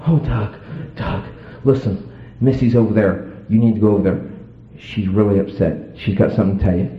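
A man's voice: fairly low pitch, brisk, natural voice. A man as an anxious grown man. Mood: urgent. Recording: echoey tinny phone-like sound.

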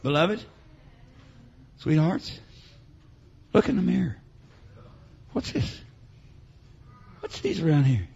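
A middle-aged man preaching a revival sermon in a church over a PA. He punctuates his lines with "uh, amen" and "huh?" and swings between shouted preaching and quiet storytelling. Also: on the high side, lively intonation, slow, vocal fry, long pauses, slightly rough, muffled recording. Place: church sanctuary with PA.

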